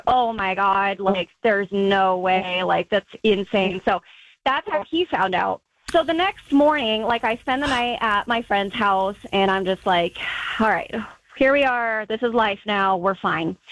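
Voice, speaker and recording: A woman's voice: a little high, fairly bright tone, dry recording. A woman calling in to a radio show, telling her story in a chatty way with lots of "like" and acted-out quotes. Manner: chatty, peppers speech with "like", acts out quotes. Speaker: caller. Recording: dull lo-fi phone call on radio.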